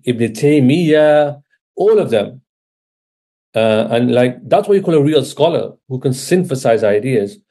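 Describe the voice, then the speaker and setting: A man's voice: medium pitch, dark tone. A man giving an informal religious lecture, talking conversationally and often checking in with his listeners. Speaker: Islamic religious teacher. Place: Britain.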